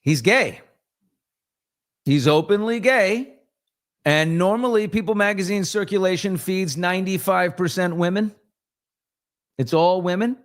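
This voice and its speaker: A man's voice: sits high, measured pace, pauses often. A middle-aged man hosting a casual live morning talk show, blunt and sarcastic, now and then mimicking other voices. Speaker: host.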